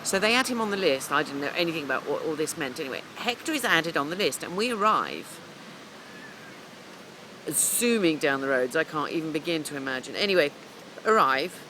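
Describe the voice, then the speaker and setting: A woman's voice: deep voice, animated, fairly quick, bright, forceful tone, a little hiss or hum, rough recording. A middle-aged woman coach telling a long, rambling story in a casual vlog, chatting away as she goes. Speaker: business coach.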